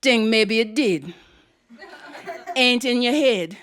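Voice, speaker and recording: A woman voicing a tall, regal aunt, speaking in a stern, hushed, dryly teasing way. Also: on the high side, slow, clear, resonant tone.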